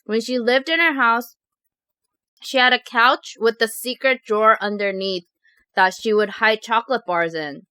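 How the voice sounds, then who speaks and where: A woman vlogger chatting casually as she reads out viewer confessions, telling them in an animated, giggly way. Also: a little high, normal speed, smooth, no echo. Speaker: mukbang vlogger.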